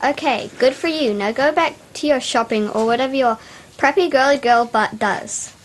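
A woman's voice: high voice, normal speed, a little hiss or hum, close to an everyday voice. A girl voicing a brash, blunt teenage boy who teases and mocks. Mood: scornful. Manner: loud, mocking.

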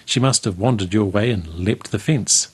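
A man's voice: fairly low pitch, moderate pace, breathy edge. A man voicing a stingy, scruffy old Irish farmer who wheedles and makes excuses in a brogue. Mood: wheedling.

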